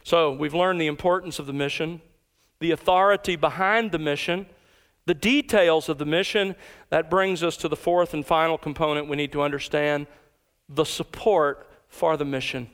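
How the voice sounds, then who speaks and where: A pastor preaching an emphatic expository sermon, slowing down to stress key words. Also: male voice, a little high, fairly even intonation, fairly bright tone, clean tone.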